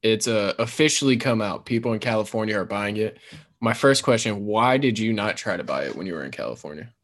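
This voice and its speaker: A man's voice: fairly low pitch, lively intonation, a little fast, fairly bright tone. Casual profane podcast guy. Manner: loose and profane, lots of fillers. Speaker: podcast co-host. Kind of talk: casual chat.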